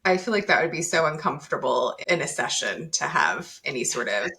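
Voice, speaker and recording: Woman, psychologist guest, low voice, gravelly fry, casual thoughtful explaining, frequent fillers. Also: lively intonation, fairly quick, pushed and bright. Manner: thoughtful, with many fillers and restarts. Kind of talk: casual podcast chat and explanation.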